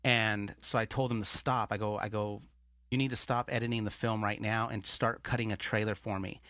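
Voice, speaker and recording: A man's voice: fairly low pitch, brisk, no room sound, studio quality. A man, a filmmaker guest, telling a long story in casual chat and acting out the dialogue he quotes. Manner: animated, acts out quoted dialogue.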